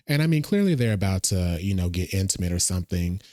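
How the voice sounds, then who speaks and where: A man's voice: low voice, very animated, fast talker, darkish tone, no room sound, studio quality. A man casually reacting to a movie trailer, thinking aloud and talking to his viewers. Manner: chatty, thinks aloud, addresses viewers as y'all.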